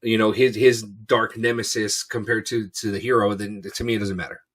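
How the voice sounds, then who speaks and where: A man's voice: on the low side, level tone, brisk, fairly bright tone. A man co-hosting a podcast in casual, rambling chat, swearing freely. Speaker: podcast co-host.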